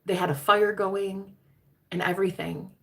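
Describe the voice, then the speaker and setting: A woman's voice: medium pitch, fairly even intonation, moderate pace. A woman casually telling a personal story to her viewers, candid and profane, calling them girl. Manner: candid, profane, chatty, addresses listeners as girl. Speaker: tarot reader.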